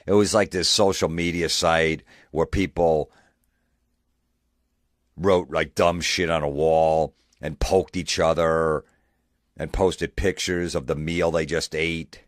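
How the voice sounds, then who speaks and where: A man's voice: very deep voice, steady tone, slow pace, no room sound, clean studio sound. A man voicing an irritable eighty-seven-year-old who rambles and swears. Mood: grumbling.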